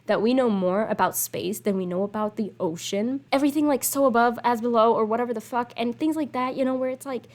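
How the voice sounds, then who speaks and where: A woman's voice: a little high, a little fast, hardly any pauses, a little mellow. A young woman casually commenting on her life-sim game, chatty and rambling, swearing offhand and apologizing between asides, into a desk microphone at home. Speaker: gaming channel host. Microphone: desk USB microphone.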